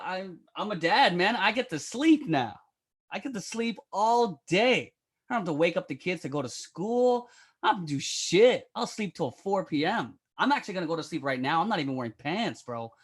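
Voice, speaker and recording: A middle-aged man with a fairly high, fairly bright voice appears as a comedian guest on a live stream. His stand-up bit is brash, profane, and rambling.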